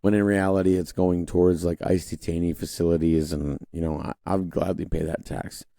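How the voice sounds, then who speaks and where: A man's voice: low-pitched, level tone, fairly quick, vocal fry, mellow, no room sound, clean studio sound. A young man hosting a casual political commentary monologue, rambling with restarts and mocking voices when he quotes others. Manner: conversational, rambling with frequent restarts and fillers. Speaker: podcast host.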